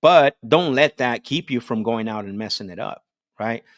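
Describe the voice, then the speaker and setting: A sales trainer with a mid-range voice coaches a group call on sales technique at a moderate pace. He's energetic, often checks in with "right?" and restarts his sentences.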